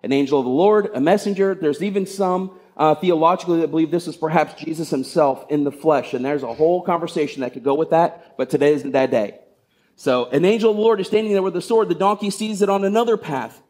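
A man's voice: a little high, fast talker, darkish tone. A male pastor giving a sermon, retelling a story in a conversational way with rhetorical questions.

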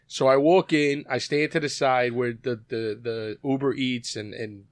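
A man's voice: mid-range voice, unhurried. A man telling a heated story in casual chat, swearing freely and acting out what people said. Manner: animated storyteller, swears freely, acts out quotes.

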